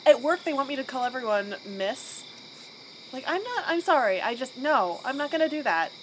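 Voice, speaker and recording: A woman's voice: high voice, lively intonation, fairly quick, rough recording. A woman co-hosting a podcast, speaking bluntly and emphatically with frequent swearing. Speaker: podcast co-host. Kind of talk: casual podcast chat. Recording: podcast recording with audible background noise.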